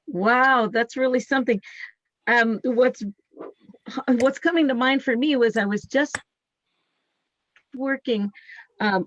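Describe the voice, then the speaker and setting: A woman with a fairly high voice hosts a live talk show, speaking earnestly and explaining things by acting out what she tells herself. The recording is muffled but has no echo.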